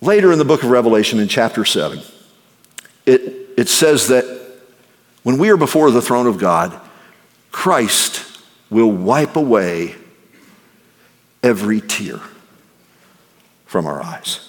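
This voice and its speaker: A male pastor preaching a sermon. He swings between ringing exclamations and hushed, near-whispered passages. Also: mid-range voice, big pitch swings, a little slow, long pauses. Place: church sanctuary. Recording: long reverb of a large hall.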